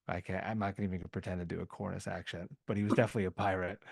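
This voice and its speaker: A man's voice: lowish voice, flat delivery, brisk, creaky, a little mellow, no echo. A man from the American South, a podcast guest telling a story in a loose, rambling way full of filler words. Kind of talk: casual podcast conversation.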